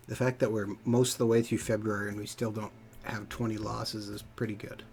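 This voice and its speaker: A man's voice: fairly low pitch, brisk, vocal fry, soft background music. A man casually talking through his moves in a hockey management game on a stream, muttering as he reads results. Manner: relaxed, muttering play-by-play of menus. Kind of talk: casual commentary over gameplay.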